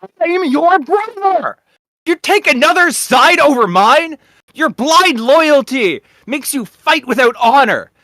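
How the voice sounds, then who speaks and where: A hot-headed young nobleman, played by a woman reading a fan story aloud, shouts his arrogant outrage. His voice is high and swings wildly. The sound is dry and close. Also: animated, slow, dry recording, exaggerated voice. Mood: indignant ranting.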